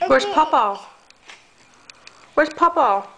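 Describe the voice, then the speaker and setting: A woman using slow, sing-song baby talk as she coaxes a toddler at home, recorded on a home video camera. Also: sits high, very animated, fairly bright tone, slight background noise. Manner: sing-song, coaxing, playful. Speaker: caregiver playing with a toddler.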